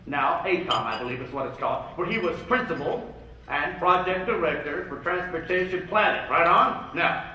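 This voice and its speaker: A man working as a comic emcee at a luncheon, firing off rapid jokes and slipping in and out of impressions. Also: a little high, sharp tone, slight background noise. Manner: rapid-fire jokes and impressions, jumping in and out of voices. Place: luncheon event hall. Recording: echoey hall, far from the mic.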